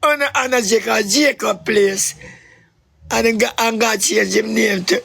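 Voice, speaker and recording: A Jamaican man on a live stream, rambling and swinging between shouting and crying. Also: high-pitched, steady tone, a little slow, gravelly, slightly rough. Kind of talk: emotional live stream rant.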